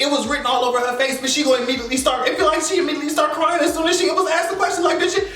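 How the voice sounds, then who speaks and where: A man with a high, bright voice recaps a show in a lively, expressive way, full of slang and cursing. He sounds somewhat distant from the mic in an echoey room. Faint music plays behind him. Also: racing, hardly any pauses. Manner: animated, expressive, heavy slang and profanity. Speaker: recap vlogger. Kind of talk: casual reaction recap.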